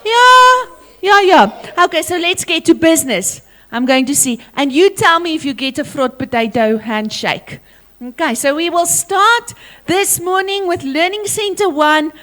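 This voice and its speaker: A high-voiced woman with a South African accent addresses a school assembly, commanding and playful. She calls pupils forward and drills them with energy. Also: lively intonation, a little slow, pushed and bright. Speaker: teacher leading a school assembly.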